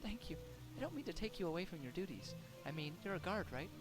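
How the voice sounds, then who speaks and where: A man voicing a panicked refugee who pleads for help in a high, breathless voice. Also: sing-song, quick pace. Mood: pleading. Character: panicked frightened refugee fleeing killings. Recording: game music behind.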